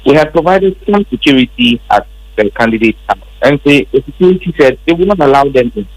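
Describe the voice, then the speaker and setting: A man's voice: mid-range voice, lively intonation, fairly quick, rough recording. A man with a Ghanaian accent, a member of parliament, emphatically recounting events in an interview. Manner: emphatic, repetitive storytelling.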